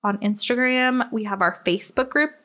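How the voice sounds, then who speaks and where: A woman's voice: a little high, moderate pace, a bit bright. A woman co-hosting a podcast, chatting casually with giggly, joking banter. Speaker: podcast co-host. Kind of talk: casual chat.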